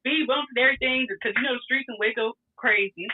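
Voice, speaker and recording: A woman tells a story casually, cursing freely and laughing between lines. Her voice sits a bit high, and it comes through a thin, phone-like channel. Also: fast. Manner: animated, profane, laughs often. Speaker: guest telling a story. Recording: tinny phone-like sound.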